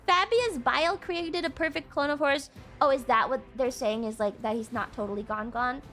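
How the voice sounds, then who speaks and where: A young woman streaming live to her chat, highly emotive, laughing often and swearing freely. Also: brisk, hardly any pauses, music in the background.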